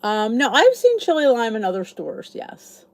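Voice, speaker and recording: Chatting live with her viewers, the middle-aged Philadelphia YouTube host rambles as she responds to their comments in her local accent. Her voice is a little high, with wildly swooping pitch, and she speaks at a moderate pace.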